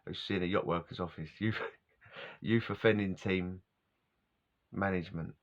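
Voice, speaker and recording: A man's voice: low-pitched, steady tone, unhurried. A middle-aged man, telling rambling personal stories as a vlogger, casual and wandering, laughing often and losing his words. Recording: dull lo-fi recording.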